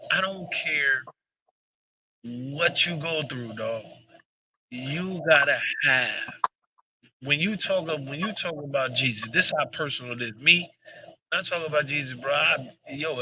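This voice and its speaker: A man hosting a casual talk show, speaking earnestly and emphatically in street slang, often dropping to a low, intense murmur. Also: sharp tone, poor audio. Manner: drops to a low, intense murmur when preaching. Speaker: podcast host. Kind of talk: casual chat.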